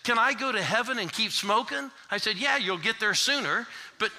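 High, bright-voiced pastor preaching. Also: male voice, lively intonation, moderate pace. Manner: swings from shouted call-and-response to hushed storytelling. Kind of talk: sermon. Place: church.

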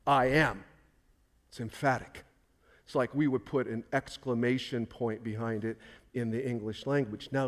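A man preaching a sermon, emphatic, repeating key phrases for stress and answering his own questions. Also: mid-range voice. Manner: asks questions and answers them himself. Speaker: pastor.

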